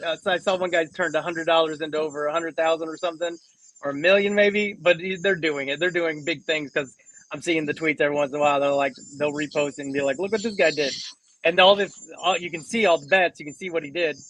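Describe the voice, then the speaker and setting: A man's voice: a little high, steady tone, quick pace, fairly bright tone, low-quality recording. A man co-hosting a casual podcast, rambling with many restarts and fillers. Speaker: co-host.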